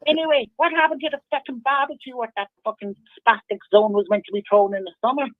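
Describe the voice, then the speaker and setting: A woman's voice: fairly high pitch, fairly even intonation, fast, no echo. A woman calling in to a talk show, crude and mocking, swearing in nearly every line. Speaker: phone-in caller. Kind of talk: casual banter on a call-in show. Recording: dry, muffled lo-fi line.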